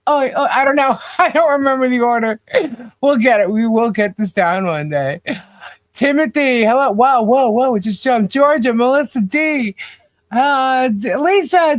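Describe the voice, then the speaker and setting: A woman's voice: on the high side, dry recording. A woman co-hosting a casual livestream, chatting and greeting viewers by name with frequent laughs. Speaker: podcast co-host.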